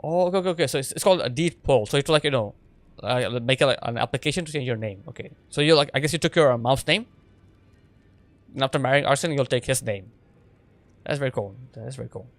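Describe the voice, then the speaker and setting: A man's voice: mid-range voice, animated, fast talker, no echo. A man giving casual gameplay commentary as a streamer, rambling and chatty with lots of fillers. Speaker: game streamer.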